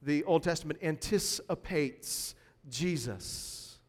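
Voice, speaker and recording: A man pastor delivering a sermon in a lively, conversational way, punctuated by sudden emphatic bursts. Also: fairly high pitch, takes it slowly, long reverb tail.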